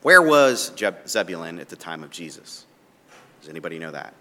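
A man preaching a sermon and reading scripture aloud, his delivery swinging from soft asides to emphatic, raised points. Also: low voice, sing-song, normal speed, long reverb tail, a little hiss or hum. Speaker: pastor.

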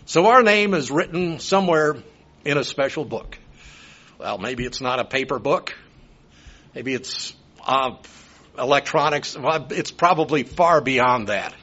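A man's voice: a little high, expressive, normal speed, pushed and bright. A man, preaching a sermon in a folksy, rambling way with personal asides. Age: 70s. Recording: dull lo-fi sound.

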